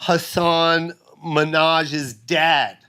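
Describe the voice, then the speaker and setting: A man in his fifties, a guest comedian telling stories on a podcast in an animated, profane way. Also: on the high side, very slow, smooth. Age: 50s. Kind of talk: podcast conversation.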